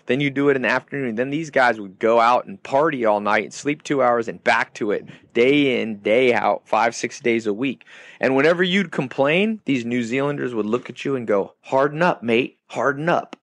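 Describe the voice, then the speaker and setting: A man's voice: mid-range voice, normal speed, a bit bright, dry recording. A man hosting a podcast, delivering an emphatic motivational monologue in short, punchy phrases that repeat key points. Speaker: podcast host.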